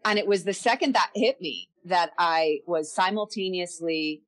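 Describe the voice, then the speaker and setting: A woman with a fairly low voice speaks as a podcast guest. She tells her story in a candid, reflective way and circles back over her words as she searches for them. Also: normal speed.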